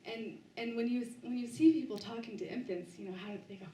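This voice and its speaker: A woman's voice: on the high side, warm tone, reverberant, distant mic, slight background noise, low-quality recording. A woman giving a book talk to a live audience, sharing a personal story with many restarts and fillers. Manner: halting, with frequent restarts and fillers. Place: bookstore event space, indoors.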